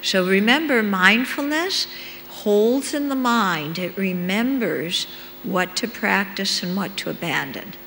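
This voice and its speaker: A woman's voice: mid-range voice, expressive, gravelly, fairly bright tone. A woman giving a conversational dharma talk as a meditation teacher, checking in with her listeners as she explains. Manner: unhurried, checks in with listeners with "okay?". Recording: long reverb in a hall, faint hum.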